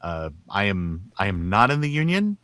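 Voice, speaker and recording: A man's voice: fairly low pitch, sing-song, moderate pace, fairly bright tone, no echo, studio quality. A man hosting an interview in a casual chat, speaking in an earnest, affirming way with some hesitant phrasing. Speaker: host.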